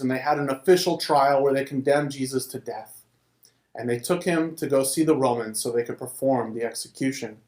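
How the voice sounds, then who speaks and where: A man's voice: medium pitch, darkish tone. Conversational male storyteller in an echoey room. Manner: conversational, with restarts. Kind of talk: casual oral Bible storytelling. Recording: roomy echo.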